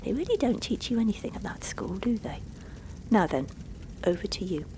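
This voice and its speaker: A woman voicing a brisk, stern old male leprechaun who talks formally and barks orders. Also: medium pitch, sing-song, dark tone, whispered, pitched above the performer's own voice. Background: music.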